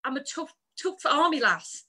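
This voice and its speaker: A woman in her forties, an army veteran, telling her story in an emotional, halting way, close to tears. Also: high-pitched, big pitch swings, sharp tone. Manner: emotional, halting, repeats words.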